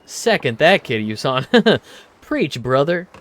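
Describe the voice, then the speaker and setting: A talkative, giggly young woman who loves to share what she's heard, as a man puts on her voice. Her voice sits higher and brighter than the reader's own, bubbling along with little laughs. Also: sing-song, takes it slowly, a little hiss or hum, full character voice. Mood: chatty. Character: chatty cheerful young woman, gossipy and friendly.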